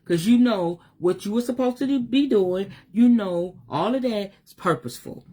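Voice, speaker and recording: A woman's voice: medium pitch, expressive, normal speed, mellow. Emphatic preachy woman spiritual teacher. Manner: emphatic, preachy, slangy and direct. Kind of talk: livestream motivational talk.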